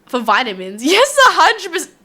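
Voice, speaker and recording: Live streaming, this Australian woman rambles from one idea to the next with her viewers, laughing frequently. Her bright, high voice is full of life, its pitch swooping wildly, while her pace stays normal.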